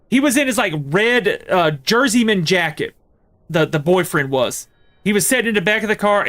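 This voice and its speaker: Guy streaming a horror game, kinda high voice, rambles on with lots of uhs and likes. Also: pushed and bright. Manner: rambling storyteller, many fillers and restarts. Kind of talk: casual chat while playing a horror game.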